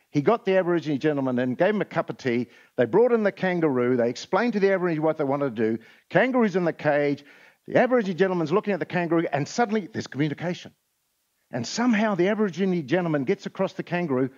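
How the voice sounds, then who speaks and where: A man's voice: a little high, very animated, fast, pauses often, darkish tone. Man telling jokes from a conference stage. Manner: storytelling, with frequent "uh" fillers. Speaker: conference speaker. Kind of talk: motivational talk with jokes. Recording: lo-fi recording.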